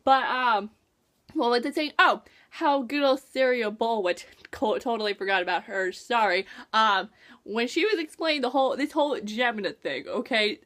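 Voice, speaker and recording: A young woman excitedly reviewing a book in a casual vlog, gushing and acting out her own reactions. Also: fairly high pitch, moderate pace. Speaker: book vlogger.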